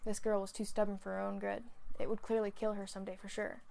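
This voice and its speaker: A young woman reading fan fiction aloud in a flat way, with small slips. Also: mid-range voice, fast, creaky.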